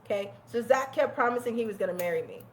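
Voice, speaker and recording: A young woman telling a personal story in a candid, animated way, swearing freely and laughing often. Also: a little high, quick pace, slight background noise. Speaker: guest telling her life story. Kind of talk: casual storytelling.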